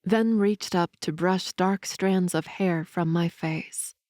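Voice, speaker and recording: A woman narrating an audiobook in the first person with calm, even storytelling. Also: lowish voice, slow, no echo, studio quality.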